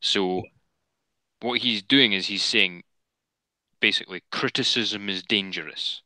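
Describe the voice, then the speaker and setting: A man's voice: on the low side, measured pace, pushed and bright, no echo, rough recording. A man co-hosting a casual political podcast, speaking in a wry, dismissive way. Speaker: podcast co-host.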